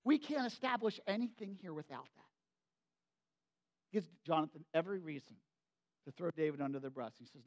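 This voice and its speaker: A man preaching a sermon, retelling a Bible story in an animated, conversational way with frequent asides to the congregation. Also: a little high, brisk, pauses often, lo-fi sound. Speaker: pastor.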